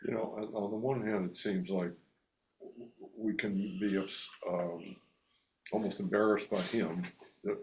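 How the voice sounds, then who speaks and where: A man with a low voice joins a casual discussion, thinking aloud in a low-key, reflective way. His sound is dull and lo-fi, with little crispness. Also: steady tone, unhurried, pauses often, a little mellow, a little hiss or hum. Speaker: discussion participant.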